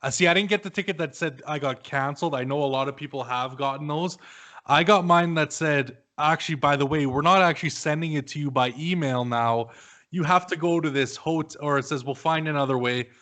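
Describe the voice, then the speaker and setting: A man's voice: fairly high pitch, brisk, fairly bright tone. A man hosting a podcast, chatting casually, swearing now and then and laughing as he tells stories. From Canada. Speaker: podcast host.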